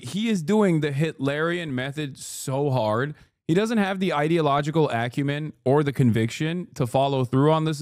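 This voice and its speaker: A male streamer delivers sarcastic, profane, animated reaction commentary. His voice is a little high and sounds dry and close to the mic. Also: no room sound. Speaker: streamer host.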